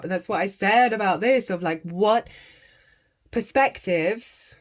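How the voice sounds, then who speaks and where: A British woman giving a casual, animated tarot reading, chatty and swearing freely. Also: mid-range voice, takes it slowly. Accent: British English. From Britain. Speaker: tarot reader.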